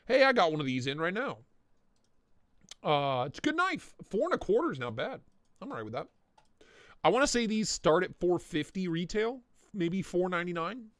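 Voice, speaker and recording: A man's voice: on the high side, fairly bright tone, dry recording, clean studio sound. A man hosting a casual live stream, riffing and joking with mock indignation, with a stuffy, blocked nose. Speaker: livestream host reviewing knife listings.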